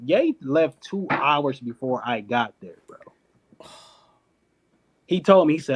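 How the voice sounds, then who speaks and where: Slow and animated, with a slightly high voice and a breathy edge, a podcast guest from Detroit relays a lengthy story in a casual way. He founded a clothing company, and he laughs a lot while playing out other people's lines.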